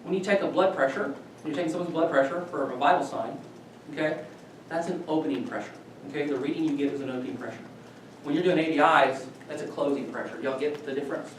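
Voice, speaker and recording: A man delivers a casual classroom lecture, checking in with his students constantly. His voice sits a little high for a man. He is picked up from far off in a very echoey room, with a faint hiss underneath. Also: fast talker. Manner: conversational, repeats okay as a check-in.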